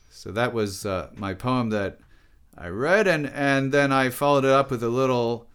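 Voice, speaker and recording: A man, a poet and artist, talking haltingly about his work in an interview. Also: medium pitch, a bit bright, clear, resonant tone. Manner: halting, many restarts. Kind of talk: casual interview talk.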